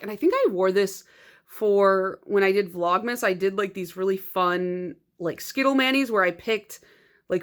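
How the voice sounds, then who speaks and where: A woman's voice: mid-range voice, a bit bright. A woman in a casual vlog, chatting through her nail polish collection in a rambling, filler-heavy way. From United States.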